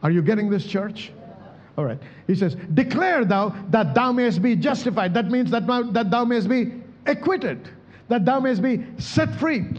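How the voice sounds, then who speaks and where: A man preaching from the pulpit with a high, lively voice that swings up and down as he drives each point home. His tone is husky. The recording sounds dull and lo-fi, like a muffled church recording. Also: big-room sound. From India. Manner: preaching with emphatic calls to the church. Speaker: pastor. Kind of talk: sermon.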